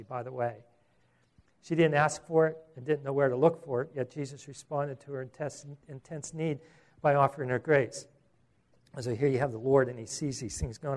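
A man preaching a sermon, earnest, with repeated words and rhetorical questions. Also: medium pitch.

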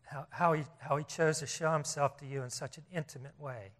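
A man's voice: a little high, steady tone, brisk, fairly bright tone. A man preaching a sermon as pastor, earnest, often restarting and repeating phrases and rising in volume to stress his points.

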